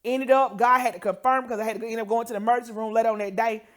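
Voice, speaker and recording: A woman tells an emotional healing testimony in a fairly high voice. She moves through the story with feeling and acts out the doctor and her family as she quotes them. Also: fairly even intonation, racing. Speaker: co-host sharing a healing testimony.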